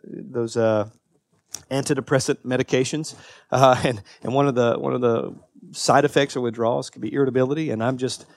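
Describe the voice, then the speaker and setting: A man in his thirties preaching a sermon as a pastor. He is earnest, swings from emphatic peaks to quiet confession, and often restarts and repeats his words. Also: mid-range voice, fairly even intonation, brisk, gravelly, no room sound, studio quality.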